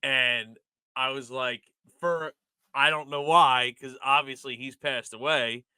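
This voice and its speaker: A man's voice: medium pitch, steady tone, slow pace, bright, forceful tone, smooth, dry recording. A man co-hosting a sports podcast, talking in a passionate, rambling casual way with lots of "like". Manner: passionate, rambling, heavy use of "like". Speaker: podcast co-host.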